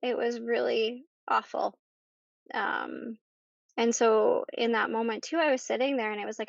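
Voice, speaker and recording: Gravelly-voiced woman with a halting manner. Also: on the high side, fairly even intonation, no room sound. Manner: halting, with many pauses and repeated words. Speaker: podcast guest. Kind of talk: personal story in conversation. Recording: dull lo-fi dry recording.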